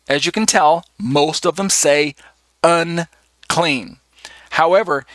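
A man leads a live online Bible study, his voice a little higher than most and recorded close and dry. He works patiently through his notes, pausing on fillers as he reads one item after another. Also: fairly bright tone, dry recording. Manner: methodical, reads list aloud with many fillers. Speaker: Bible teacher.

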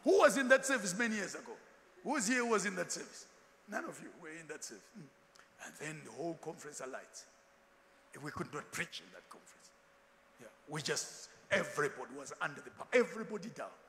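A pastor delivers a fast, forceful sermon in a bright, high, lively voice with wide pitch swings, backed by slight background noise and the long echo of a large church hall. He's animated, switching into Ndebele asides and acted quotes.

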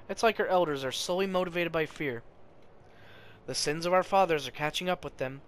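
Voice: medium pitch, a bit bright, a little hiss or hum. A let's play host commenting on a story game in a wry, musing way.

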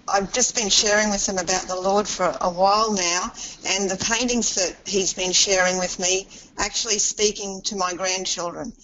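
A woman's voice: mid-range voice, a bit bright. Older Australian woman caller, hesitant with ums, dull lo-fi line with faint hiss. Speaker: webinar caller, grandmother. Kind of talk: sharing a testimony on a call. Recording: dull lo-fi call with faint noise.

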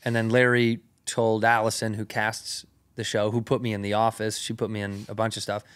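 A man's voice: lowish voice, flat delivery, a little fast, a bit bright, smooth. A man, a comedian guest on a podcast, telling a long story in casual, slang-heavy, swearing chat into a studio mic. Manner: loose and slangy, peppered with "like" and "rad", swears freely.

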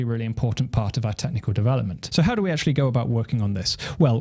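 A man with a medium-pitched, slightly mellow voice teaches snare drum technique, walking through each step and counting the beats out loud. It's an instructional demonstration, with a snare drum playing in the background.

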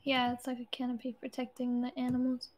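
A woman speaking softly and casually while playing a game with friends. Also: sits high, completely flat delivery, fast. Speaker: Minecraft player. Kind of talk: casual gaming chat.

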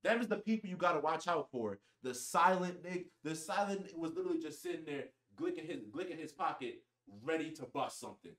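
Animated young man telling a rowdy story. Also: a little high, brisk, few pauses. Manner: animated, profane, slang-heavy. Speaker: vlogger. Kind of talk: casual storytime.

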